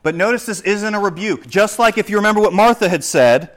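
A man preaching a sermon, swinging between loud, urgent questions and hushed explanation. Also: high-pitched, lively intonation, brisk. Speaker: pastor.

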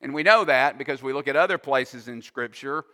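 A man preaching a sermon as a pastor, slow and emphatic, pausing to explain with asides. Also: mid-range voice, pushed and bright. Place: church sanctuary. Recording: long reverb of a hall.

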